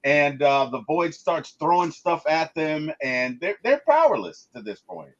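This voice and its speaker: A man's voice: fairly high pitch, very animated, a little slow, a bit bright, highs cut off. A man chatting casually in a movie review, emphatic, stammering and restarting as he retells scenes.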